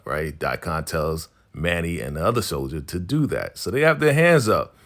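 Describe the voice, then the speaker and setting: A man with a somewhat low voice recaps a TV episode for his channel. He talks casually and animatedly, full of slang and quick asides to his viewers. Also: lively intonation, fairly bright tone.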